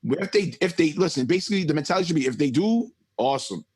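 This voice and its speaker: A man's voice: fairly high pitch, animated, quick pace, a little mellow, husky. A man in his thirties hosting a podcast, talking emphatically and swearing freely in casual conversation. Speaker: podcast host.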